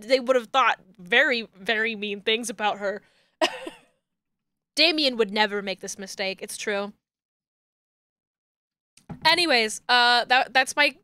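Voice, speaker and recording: A young woman streamer in casual chat, ranting excitedly and laughing, with bursts of shouting. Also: a little high, dry recording.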